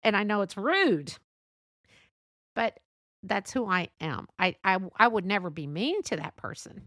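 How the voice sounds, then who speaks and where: A woman's voice: mid-range voice, fairly bright tone, dry recording, clean studio sound. A woman hosting a casual solo podcast, chatty and laughing often, with frequent restarts. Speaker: podcast host.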